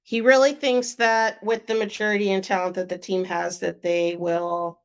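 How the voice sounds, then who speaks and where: A young woman co-hosting a sports podcast, chatting casually and filling pauses with "um" and "like". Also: mid-range voice, little pitch movement, clear, resonant tone. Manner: chatty, frequent "um" and "like" fillers.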